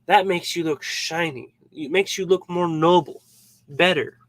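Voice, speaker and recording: A man's voice: on the high side, measured pace, rough recording. A man giving a casual devotional Bible talk, informal and joking, acting out little scenes as he explains. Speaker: Bible teacher.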